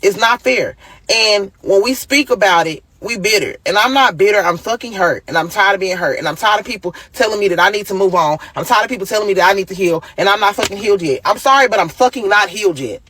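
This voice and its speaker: A woman's voice: medium pitch, animated, quick pace, fairly bright tone, slightly rough, no room sound. A woman venting angrily and with lots of profanity about raising her sons alone as a single mother. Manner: angry, profane, exasperated. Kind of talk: emotional venting monologue.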